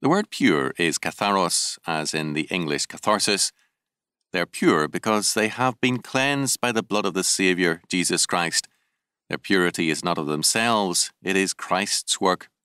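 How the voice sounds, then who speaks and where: A man with a notably low voice narrates a theological audiobook. His reading is measured and deliberate, with emphatic rises on key terms. The sound is close and dry, with no room around it. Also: animated, pushed and bright, clean tone, no echo.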